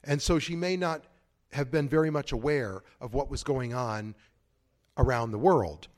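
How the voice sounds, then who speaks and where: A male priest delivering a conference talk at a mid-range pitch. He speaks conversationally and wanders into asides, restarting phrases as he goes. The tone stays informal. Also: unhurried, darkish tone.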